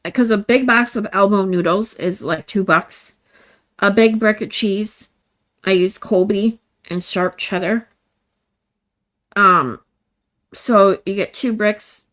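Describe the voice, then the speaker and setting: A woman's voice: medium pitch, slow pace, pauses often, a bit bright. A woman live-streaming in casual chat, rambling and chatty with a stuffy nose. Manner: rambling, chatty, with frequent restarts. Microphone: streaming mic.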